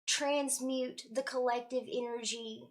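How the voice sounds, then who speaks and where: A young woman hosts a spiritual livestream. She chats casually, greets viewers with affection and swears now and then. Her voice sits a little high. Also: steady tone, unhurried. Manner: warm, effusive, greets viewers by name with spiritual terms. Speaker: spiritual livestream host and card reader.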